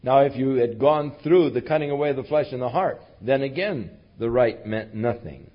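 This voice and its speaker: A man's voice: medium pitch, moderate pace. A man preaching a verse-by-verse sermon in a conversational way, with fillers and asides to his listeners. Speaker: pastor. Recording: dull lo-fi recording.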